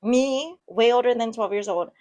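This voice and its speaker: A woman's voice: fairly high pitch, moderate pace, mellow, lo-fi sound. A woman casually reading online posts aloud and reacting to them with chatty, giggly asides. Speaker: online story reader and commentator.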